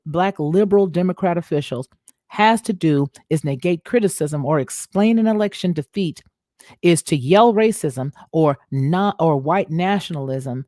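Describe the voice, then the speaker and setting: A woman's voice: deep voice, normal speed, warm tone, no room sound, studio quality. A woman hosting a commentary show, reading an article aloud and commenting on it in a conversational way. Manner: conversational, addresses viewers as y'all. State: feeling unwell, clearing throat.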